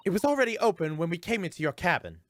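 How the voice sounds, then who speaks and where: A man's voice: high-pitched, sing-song, pitched above the performer's own voice. A man doing a flustered young hero. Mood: indignant. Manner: indignant, quick protests.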